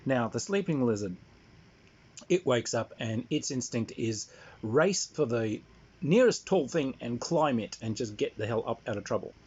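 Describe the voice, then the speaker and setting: A man's voice: mid-range voice, lively intonation, moderate pace, darkish tone, husky. A man telling a rambling, wry family anecdote in a casual way. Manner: rambling, wry, many fillers. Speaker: storyteller. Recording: dull lo-fi sound.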